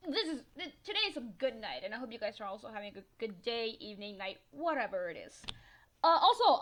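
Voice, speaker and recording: A teenage girl from northern Mexico, chatty and excitable, telling a story as a gaming voiceover, swearing freely and laughing often. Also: sits high. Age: teens. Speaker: gaming vlogger.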